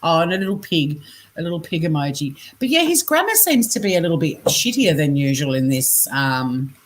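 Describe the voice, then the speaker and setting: Reading scam messages and chat aloud on her casual livestream, an Australian scambaiter talks in a low voice with big pitch swings at a brisk pace. She's chatty, laughs a lot, swears freely, and there's slight background noise.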